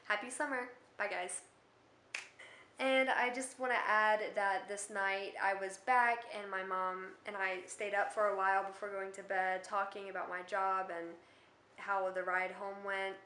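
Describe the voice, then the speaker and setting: A woman's voice: medium pitch, fairly even intonation, a little slow, sharp tone, slight background noise. A young adult woman telling a casual storytime vlog, chatty and rambling with lots of filler words. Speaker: vlogger. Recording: echoey room.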